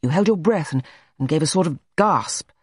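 A hot-headed young man, an artist, snaps and rails in a voice that leaps up and down with every outburst, as a narrator plays him. The voice is slightly husky and recorded dry and close. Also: on the high side, expressive, normal speed, no room sound. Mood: furious. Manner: sharp, exasperated outbursts. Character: brooding young male painter, quick-tempered. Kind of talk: audiobook character reading.

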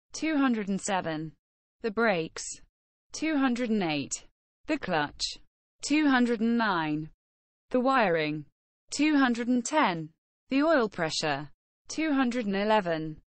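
A woman reads short practice phrases and their numbers at a very unhurried pace, pronouncing each one with care. Her voice is recorded dry and close, with no room sound. It suits a lesson for beginners. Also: medium pitch, no echo. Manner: measured, carefully enunciated phrase-by-phrase reading. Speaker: language lesson reader.

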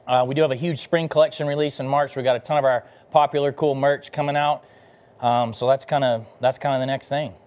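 A man's voice: medium pitch, steady tone, brisk, a little mellow, smooth. A middle-aged man from Texas, a barbecue pitmaster chatting casually between bites while hosting a live cooking demo. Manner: laid-back and enthusiastic, talking between bites.

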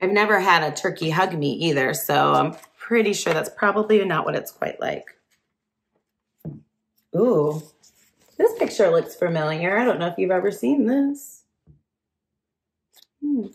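A woman's voice: lowish voice, animated, a little slow, gravelly, pauses often. A woman teacher reading a picture book aloud to children, chatty and asking the listeners questions as she goes. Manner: chatty, asks listeners questions, laughs often.

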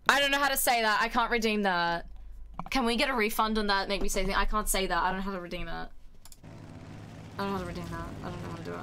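A woman streaming live, chatting casually with her viewers, excitable and quick to swear, with a desk mic. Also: mid-range voice, slight background noise. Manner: chatty and excitable, swears freely, shrieks when surprised.

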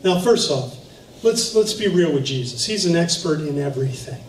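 Man, pastor, storytelling sermon, high voice, echoey hall, mic set back. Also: moderate pace. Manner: storytelling, animated, with laughs. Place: church sanctuary. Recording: echoey room from far off, faint noise.

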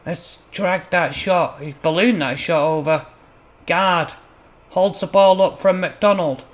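Excitable high-voiced gaming commentator. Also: male voice, slow. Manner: excitable, bursts loud on chances and goals. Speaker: gaming channel host. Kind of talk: playful mock match commentary over gameplay.

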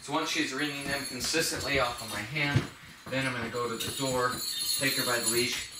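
A man who trains puppies, calmly explaining a training method step by step and softly praising the dog. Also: mid-range voice, a little fast, very noisy. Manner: calm, plain explaining, with soft praise to a puppy. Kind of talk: instructional demonstration. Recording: echoey room, mic at a distance.

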